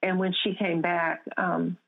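A woman recounts a personal faith story as an interview guest, her voice sitting a little low. She talks earnestly and often restarts her sentences. The sound is thin and tinny, like a phone line. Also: level tone, a little slow, vocal fry. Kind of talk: testimony in an interview.

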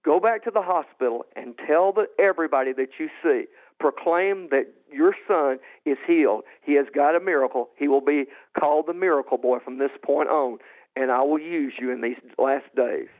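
A man with a slightly high voice recounts his testimony, stumbling and repeating words as he builds to bursts of high, loud excitement. The sound is thin and tinny, like a phone line. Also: moderate pace. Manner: rises high and loud when reliving moments, repeats and restarts. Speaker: guest telling his testimony.

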